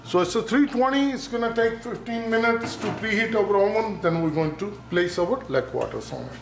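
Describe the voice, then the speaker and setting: Male cooking host, higher pitch, careful instructive delivery narrating each step; roomy kitchen sound with light background noise. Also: animated, moderate pace, creaky. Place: home kitchen. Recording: echoey room with faint noise.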